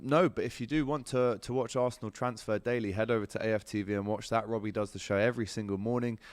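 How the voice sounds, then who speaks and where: A man hosting a casual football transfer update in a smooth, lower-pitched voice. He is chatty and fills his talk with ums, speaking straight to viewers. The sound is close and dry. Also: dry recording. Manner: chatty, lots of ums, addresses viewers directly. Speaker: sports show host. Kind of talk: casual transfer news chat with viewer comments.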